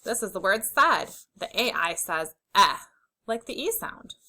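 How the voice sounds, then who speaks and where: A young adult woman teaching a phonics lesson to young children, sounding out letters slowly and clearly with encouraging praise. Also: mid-range voice, very animated, bright, forceful tone, low-quality recording.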